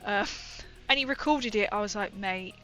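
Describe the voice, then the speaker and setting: A woman's voice: medium pitch, normal speed, sharp tone, soft background music, rough recording. A young woman chatting casually and rambling through a story while she paints on a livestream.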